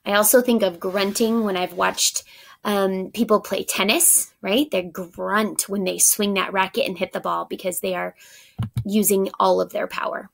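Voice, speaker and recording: A woman teacher going over vocabulary words with young children, speaking slowly and clearly and counting along with them. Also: medium pitch, fairly even intonation.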